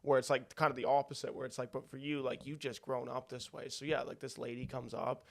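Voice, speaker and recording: A man's voice: mid-range voice, flat delivery, a little fast, gravelly. A man co-hosting a comedy podcast, teasing his host in a laid-back way full of fillers. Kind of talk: casual comedy podcast chat.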